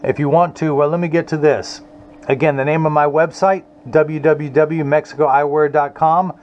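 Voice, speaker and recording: A man's voice: fairly high pitch, steady tone, moderate pace, darkish tone. A middle-aged man, talking earnestly and a bit ramblingly to camera while he makes glasses in his workshop. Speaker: optician and eyewear maker. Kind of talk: casual talk to camera while making glasses. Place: eyewear workshop. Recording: slightly dull audio with faint room noise.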